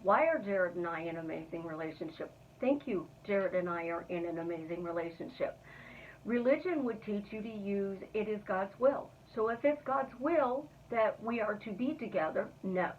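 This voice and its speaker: A woman's voice: medium pitch, normal speed, slight background noise. Earnest woman on a tinny, distant line. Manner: earnest, repeats affirmations in a steady rhythm. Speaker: manifestation coach. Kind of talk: motivational self-help talk. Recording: thin phone-like sound, distant from the mic.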